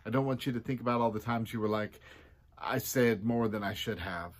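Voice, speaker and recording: A man who is a pastor, giving a casual devotional talk in a chatty way and acting out quotes with sudden jumps in his voice. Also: a little fast. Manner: chatty, acts out quotes with big pitch jumps.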